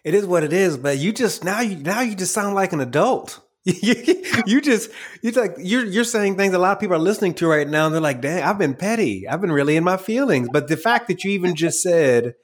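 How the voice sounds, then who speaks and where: Male podcast host, slightly high voice, lively and laughing. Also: fairly quick, few pauses. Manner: animated, laughs often, acts out quotes. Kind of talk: conversational interview.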